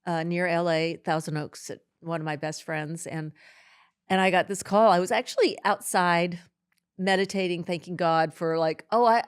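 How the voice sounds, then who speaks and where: A middle-aged woman, a podcast guest, speaking haltingly and emotionally in an interview, with many restarts. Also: lowish voice, fairly even intonation, smooth.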